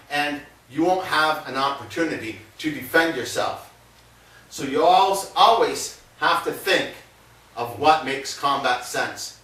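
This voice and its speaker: A man teaches self-defense in a plain, conversational way while he shows the moves. His voice is bright and a little high, and it rings through a very echoey room, picked up from some distance away. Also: a little slow. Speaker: martial arts instructor. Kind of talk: demonstrating self-defense techniques.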